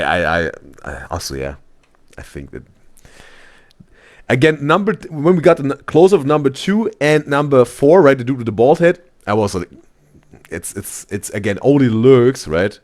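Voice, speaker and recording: A man's voice: fairly low pitch, dry recording, studio quality. A man streaming a reaction video, chatting casually in loose phrasing and reading out his chat. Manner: chatty, loose non-native phrasing, says "bro" often.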